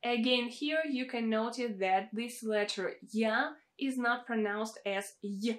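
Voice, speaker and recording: A woman with a Russian accent, a native Russian speaker teaching pronunciation carefully, repeating each word. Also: a little high. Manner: slow, careful, repeats words for practice. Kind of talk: pronunciation lesson.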